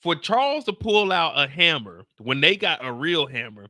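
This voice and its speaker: A man hosting a live stream, recapping a TV episode in casual chat, animated and slangy and talking straight to his viewers. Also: fairly high pitch, normal speed, dry recording, clean studio sound. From United States. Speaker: show host recapping a TV episode.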